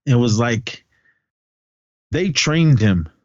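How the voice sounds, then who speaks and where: A man's voice: medium pitch, expressive, drawn-out words, darkish tone, dry recording. A man co-hosting a podcast, casually recapping a film in a rambling way, full of restarts. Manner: rambling retelling, many restarts and "he goes". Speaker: podcast co-host. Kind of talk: casual movie recap chat. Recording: muffled dry lo-fi audio.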